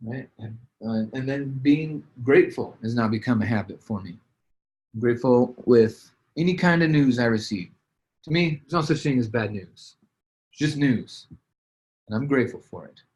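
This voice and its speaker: A man's voice: mid-range voice, lively intonation, moderate pace, a little mellow. A man giving a casual motivational training talk about business habits, with loose fillers and restarts. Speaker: business coach. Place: at a desk, writing as he talks.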